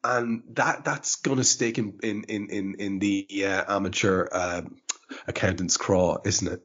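A man's voice: fairly low pitch, fairly even intonation, a little slow, fairly bright tone, breathy edge, highs cut off. A man hosting a football podcast in casual chat, rambling through his points. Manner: rambling, many fillers and restarts. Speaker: podcast host.

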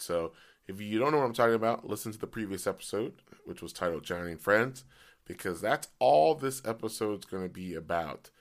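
A man hosting a casual solo podcast, his voice hoarse and cracking in and out, rambling with many fillers. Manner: pitch jumps as voice cracks. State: voice partly gone, hoarse. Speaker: podcast host.

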